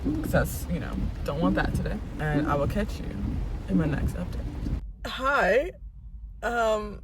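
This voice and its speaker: A woman's voice: on the low side, very animated, measured pace, husky, low-quality recording. A young woman chatting casually in a reading vlog, rambling and full of filler words. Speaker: book vlogger.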